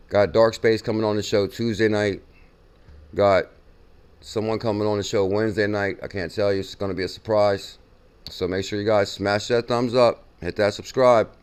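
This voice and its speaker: Excitable low-voiced male crypto host. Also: clean tone. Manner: excitable, repeats and reacts to a played clip. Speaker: crypto news show host. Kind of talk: casual chat.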